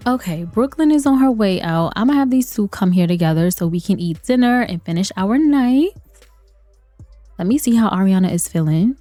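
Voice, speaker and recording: A woman's voice: mid-range voice, expressive, moderate pace, warm tone. Chatty woman narrating a life-sim game. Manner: chatty, laughs often, talks to viewers. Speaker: gaming video creator. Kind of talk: let's play commentary. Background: faint game music.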